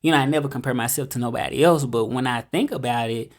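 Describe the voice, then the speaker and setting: A man from Memphis with a Southern accent, talking to camera in a relaxed, rambling way with lots of fillers. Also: mid-range voice, fast talker. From Memphis, Tennessee, US. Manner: laid-back and rambling, with many fillers. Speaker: vlogger. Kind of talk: casual monologue to camera.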